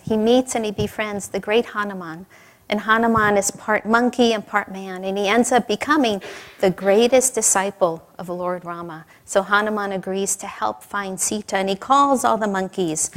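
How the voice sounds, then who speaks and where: A woman giving a sermon, telling stories in a conversational way with light laughter and questions to the audience. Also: mid-range voice. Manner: warm storytelling with light laughter. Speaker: spiritual teacher. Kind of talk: sermon with storytelling.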